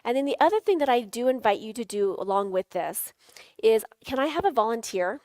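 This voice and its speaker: A woman's voice: a little high, lively intonation, fairly quick, a little mellow, dry recording. A middle-aged woman giving a live sales workshop, playfully coaching the audience through tapping exercises with jokey asides and frequent laughs.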